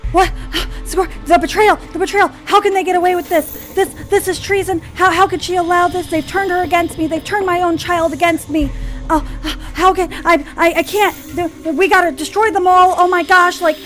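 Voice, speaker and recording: A woman's voice: very high voice, steady tone, normal speed, fairly bright tone, pitched above the performer's own voice. A woman voicing a vengeful noble mother in a life-sim story, ranting in outrage. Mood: outraged.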